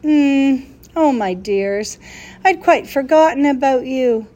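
A woman's voice: high voice, expressive, slow, mellow, muffled recording, voice pushed up. A woman voicing a flustered, worried old male professor who talks anxiously and with exasperation in a storybook reading. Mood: fretful.

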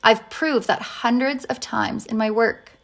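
A woman voicing a wise, patient older male professor who speaks slowly and distinctly in a storybook reading. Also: on the high side, steady tone, gravelly. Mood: earnest. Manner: slow, distinct and earnest.

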